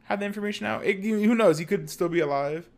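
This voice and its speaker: A man co-hosting a podcast, chatting loosely and stopping to hunt for words. His voice sits a little higher than most men's. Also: quick pace, a little mellow. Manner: chatty, loose, many fillers and restarts. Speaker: podcast co-host. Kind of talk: casual chat.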